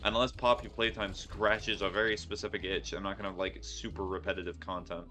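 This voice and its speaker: A man's voice: sits low, little pitch movement, fairly quick, few pauses, music in the background. A young man chatting playfully while streaming a game, laughing often. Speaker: gaming streamer. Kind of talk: casual gameplay commentary.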